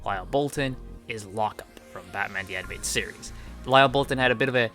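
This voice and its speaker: Bright-voiced man gushing about games. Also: lowish voice, fast talker, soft background music. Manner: enthusiastic, rambling, lots of fillers. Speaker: gaming video creator. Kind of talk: casual video game commentary.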